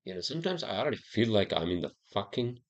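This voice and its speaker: A man's voice: fairly low pitch, sing-song, quick pace, dull audio. A man hosting a solo podcast, rambling and swearing heavily through a heated rant. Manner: rambling, profane, heated ranting. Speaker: podcast host.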